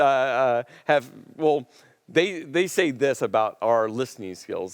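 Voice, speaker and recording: A man pastor preaching a sermon in a conversational, animated way, acting out quotes. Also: mid-range voice, no room sound, studio quality.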